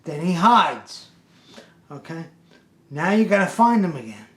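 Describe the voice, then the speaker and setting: A man telling a comic story in an animated, exasperated, streetwise way. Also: high-pitched, unhurried. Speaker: pest control worker and storyteller. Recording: roomy echo.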